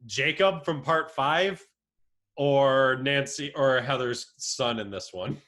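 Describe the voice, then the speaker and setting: Young man, casual podcast chat, bright forceful voice, laughs a lot. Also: medium pitch, takes it slowly. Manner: laughs often, animated storytelling. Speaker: podcast co-host.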